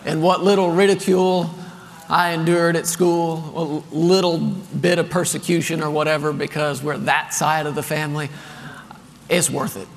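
High-voiced preacher man in a big hall. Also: vocal fry, a little hiss or hum. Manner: animated storytelling, reads scripture with slow emphasis. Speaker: pastor. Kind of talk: sermon. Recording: long reverb of a large hall.

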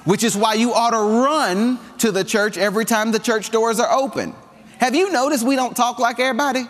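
A man's voice: extremely high pitch, a little fast. Southern man preaching in a reverberant church. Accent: Southern US drawl. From Southern United States. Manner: animated, conversational preaching with humor and call-and-response. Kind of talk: sermon. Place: church sanctuary. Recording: long hall reverb.

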